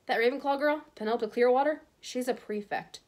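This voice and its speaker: A teenage boy murmurs a quiet, confiding aside in a read-aloud story, voiced by a woman. He stays hushed and speaks a little slowly. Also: high-pitched, voice pushed up, natural voice.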